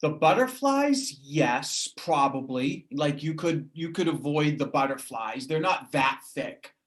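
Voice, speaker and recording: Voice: medium pitch, expressive, measured pace. Game master talking the table thru the scene, mid voice, plain. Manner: describes scenes plainly with restarts.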